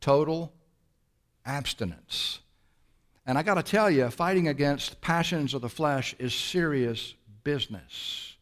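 A man whose voice is a little high and a bit bright preaches as pastor. He challenges listeners through rhetorical questions, moving between fast spurts and slow, lingering phrasing.

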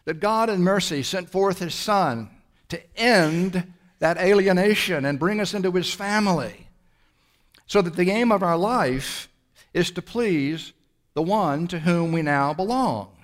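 A man's voice: high voice, measured pace. Emphatic male preacher posing rhetorical questions. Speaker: pastor. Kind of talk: sermon.

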